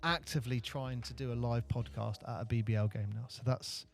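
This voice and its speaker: A man's voice: medium pitch, fairly even intonation, a little fast, vocal fry. A British man hosting a casual basketball podcast in a rambling, chatty way. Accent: British English. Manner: chatty, rambling, acts out his announcing. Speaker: podcast host and court announcer. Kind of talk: casual chat. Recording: studio with faint background music.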